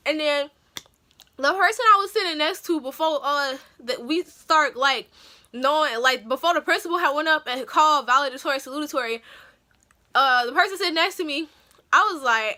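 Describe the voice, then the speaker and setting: A young woman with a high, bright voice tells a story on her vlog. Her telling is loose, slangy and animated, full of casual asides to her viewers. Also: moderate pace. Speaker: vlogger.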